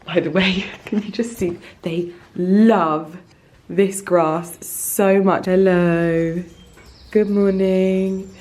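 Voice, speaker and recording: A woman's voice: on the low side, fairly even intonation, slow. A woman in her thirties from England, chatting casually and gushingly to camera while vlogging outdoors in her home garden. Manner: chatty, gushing, restarts and trails off. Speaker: lifestyle vlogger. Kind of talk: casual vlog chat.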